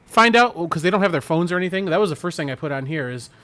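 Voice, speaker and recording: A man's voice: on the high side, expressive, racing, fairly bright tone. A man co-hosting a podcast, giving dry reactions and crude jokes. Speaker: podcast co-host. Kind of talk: casual profane chat.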